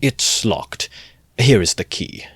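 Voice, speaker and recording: A man's voice: lowish voice, big pitch swings, slow, a bit bright, slightly rough, no echo, pitched above the performer's own voice, exaggerated voice. A man voicing a sly middle-aged male magistrate who mocks and gloats. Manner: sly, mocking, playful.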